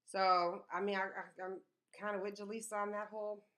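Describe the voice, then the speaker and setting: A woman, telling stories in a casual chat, animated and emphatic, often repeating words for effect. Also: medium pitch, normal speed. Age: 30s.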